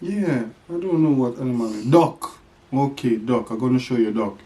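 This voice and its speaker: A father with a mellow, medium-pitched voice plays with his baby in a home vlog at a moderate pace. He uses sing-song talk and makes animal sounds to teach his toddler.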